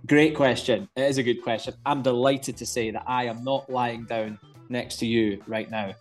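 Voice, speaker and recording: A man's voice: medium pitch, fairly even intonation, normal speed, faint music behind. A man co-hosting a podcast, chatting casually in a jokey, rambling way. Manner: jokey, rambling, self-deprecating. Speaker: podcast co-host.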